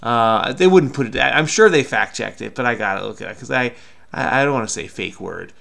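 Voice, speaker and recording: A man's voice: mid-range voice, lively intonation, a little fast, vocal fry, pushed and bright. A man hosting a crossword video, talking through his solve in a rambling, self-mocking, chatty way. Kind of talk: casual solo commentary while solving.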